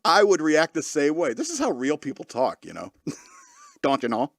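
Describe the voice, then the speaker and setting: A man's voice: on the high side, wildly swooping pitch, measured pace, gravelly, no echo. A man hosting a podcast, joking sarcastically through news stories and laughing often mid-sentence. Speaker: podcast host. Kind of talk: casual comedic commentary on news.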